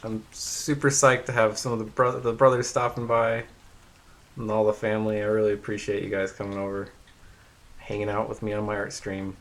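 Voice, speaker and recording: Low gravelly guy chatting on his art stream, laid back, kinda monotone. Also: fairly quick. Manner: says his voice rarely goes up or down; relaxed, rambling, many fillers. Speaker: artist hosting a live stream. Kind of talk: casual live-stream chat while painting.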